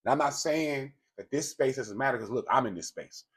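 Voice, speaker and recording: A man's voice: medium pitch, brisk, a bit bright, slightly rough. A man telling a gossip story straight to his viewers, in a casual, blunt and profane way. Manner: speaks directly to viewers. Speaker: commentary host. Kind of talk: casual celebrity gossip commentary.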